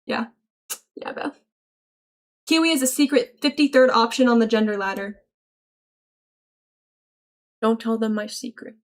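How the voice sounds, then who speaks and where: High-voiced woman reading stream chat. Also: unhurried, pauses often. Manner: chatty, reacts aloud while reading messages; swears freely, frequent laughter. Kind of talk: casual livestream chat reading.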